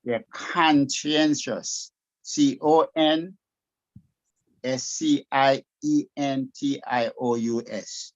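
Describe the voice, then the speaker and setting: A man's voice: mid-range voice, takes it slowly, a little mellow, muffled recording. A man teaching over a call, patiently correcting pronunciation and spelling words out letter by letter.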